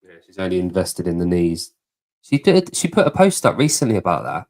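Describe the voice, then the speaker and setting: A man's voice: deep voice, big pitch swings, a little fast, a little mellow. A man from southeast England with an English accent, hosting a casual podcast chat, laughing easily and swearing now and then. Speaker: podcast host.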